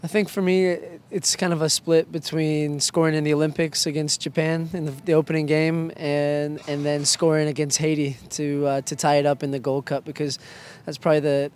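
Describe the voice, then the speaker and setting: A young man, a soccer player, answering quick-fire interview questions in a playful, joking way. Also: fairly high pitch, little pitch movement, a little mellow, a little hiss or hum. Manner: playful, joking, self-mocking.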